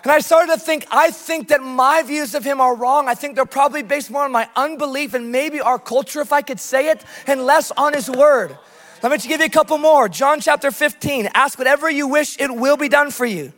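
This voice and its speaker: A man's voice: very high-pitched, a little fast, fairly bright tone. An American man preaching a sermon with passion, telling stories from his missions work. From United States. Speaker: pastor. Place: church hall. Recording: long hall reverb.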